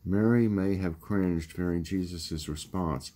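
A man, hosting his own channel, reading a morning devotional and praying in a calm, steady way. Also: sits low, measured pace. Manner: calm, steady reading, casual chat at the end. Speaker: vlog host leading devotions.

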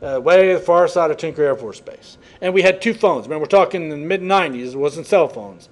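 A man's voice: fairly high pitch, lively intonation, a little fast. A man lecturing a class, telling chatty, folksy stories in a classroom. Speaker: college instructor.

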